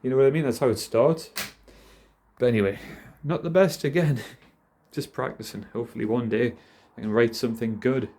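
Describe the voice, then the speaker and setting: A man's voice: mid-range voice, moderate pace, a little mellow, a little hiss or hum. Rambling sweary Geordie man. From North East England. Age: 30s. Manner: rambling, heavy swearing, self-deprecating. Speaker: vlogger. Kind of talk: casual rambling monologue.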